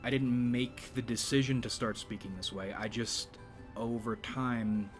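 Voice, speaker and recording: A man hosting a YouTube channel in a rambling, casual monologue, speaking in a deliberately low register with a slight vibrato. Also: fairly even intonation, soft background music. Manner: rambling, with frequent restarts and profanity.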